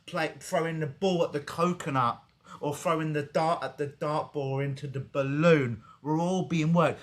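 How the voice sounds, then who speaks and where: A man's voice: fairly high pitch, normal speed. A man who is a clinical hypnotist, talking casually on a podcast interview over a video call and acting out the voices of people he quotes. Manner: animated storytelling, acts out quoted voices.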